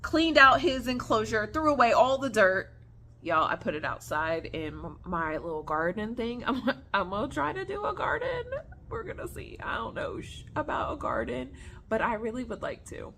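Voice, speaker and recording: A young woman vlogger at home, casually telling a story to viewers in an animated, chatty way. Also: a little high, moderate pace, creaky, a little hiss or hum. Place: at home on the floor with her snake.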